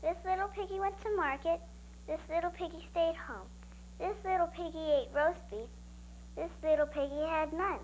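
A woman's voice: very high voice, normal speed, darkish tone, slight background noise, rough recording. A woman playing a friendly visitor on a children's TV show, asking for stories and reciting a nursery rhyme.

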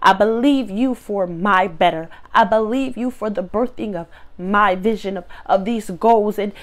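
A woman's voice: mid-range voice, unhurried. A woman speaking to her phone camera, near tears, giving a heartfelt faith-based motivational talk with repeated preacher-like builds. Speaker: motivational vlogger.

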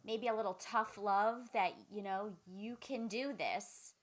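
A woman's voice: mid-range voice, steady tone, a little slow, a little hiss or hum. Affirming woman podcast host. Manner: affirming, summarizes the guest's points. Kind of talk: interview conversation.

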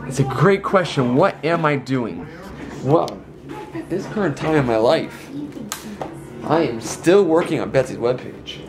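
A man's voice: medium pitch, expressive, unhurried, background noise. An exhausted man chatting casually for his vlog at home, rambling and self-mocking. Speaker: vlogger and dad. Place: indoors at home. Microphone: handheld camera held up high.

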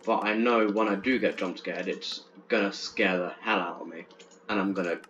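A young man commenting on a horror game as he plays, chatty and jumpy, stammering when he gets excited. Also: sits low, normal speed. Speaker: gaming channel host. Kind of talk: let's play commentary. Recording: dull lo-fi with faint hiss.

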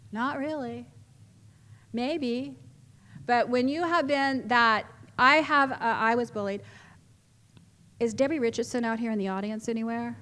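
A middle-aged woman, giving an animated storytelling talk to a live audience in a large hall. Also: high voice. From California, USA. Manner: animated, chatty, laughs often, with restarts. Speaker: symposium speaker. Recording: echoey hall reverb.

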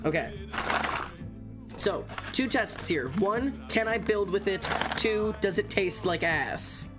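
Hyped-up streamer chatting live, fast and stammering, mid-pitched voice over faint background music. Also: animated. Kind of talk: casual livestream chat.

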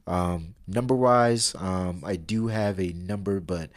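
A man talking as a podcast guest in a relaxed, casual way, with lots of fillers. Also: low-pitched. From Sierra Leone. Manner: relaxed, filler-heavy, spells things out slowly. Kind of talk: casual interview talk.

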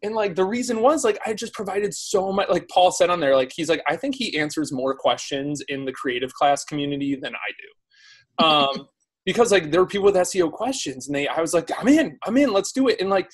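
A man as a podcast guest in a casual conversation, talking in an animated way with lots of "like" fillers. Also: fairly high pitch, fairly quick.

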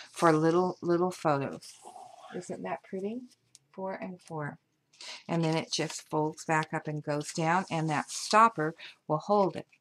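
A woman with a slightly low voice talks through her craft project in a chatty, gushing way. Her show-and-tell style lingers on pretty details. A faint noise sits under the recording. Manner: chatty, gushing over materials. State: hiccups. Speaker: paper craft designer.

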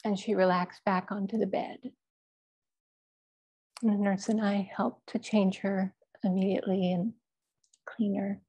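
A woman Zen teacher telling a personal story in a dharma talk, speaking in a quiet, measured, halting way. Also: medium pitch, flat delivery, breathy edge.

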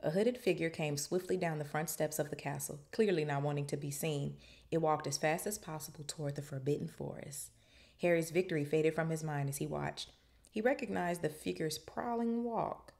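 A woman with a low, gravelly voice speaks at a normal speed. She's a podcast host reading a novel aloud, stopping now and then for animated, joking commentary in casual slang.

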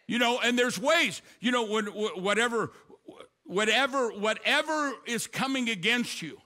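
An older man preaching a sermon as pastor, with quick storytelling asides and sudden loud emphatic bursts. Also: extremely high pitch.

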